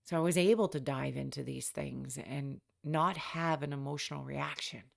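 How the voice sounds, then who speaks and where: A woman in middle age recounts her life as a podcast host. Her voice sits low and carries a gravelly rasp. She sounds reflective and wry, and she slips into the voices of the people she quotes. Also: steady tone, moderate pace. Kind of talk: personal storytelling.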